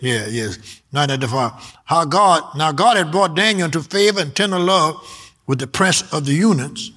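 A man's voice: on the high side, animated, moderate pace, pushed and bright. A man preaching a sermon, reading scripture aloud and repeating his key words with emphasis.

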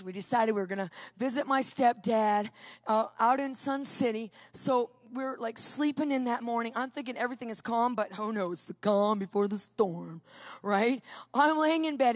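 A woman telling a personal story in a sermon, lively and animated, acting out what people said. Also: fairly high pitch, no echo. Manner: lively, animated storyteller who acts out quotes. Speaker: Christian speaker.

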